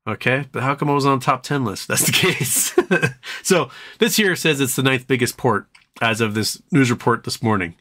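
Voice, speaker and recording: An expressive man with a pushed, bright voice hosts a casual stream at a moderate pace. Between rambling jokes and reading chat, he addresses his dog in a high-pitched baby voice.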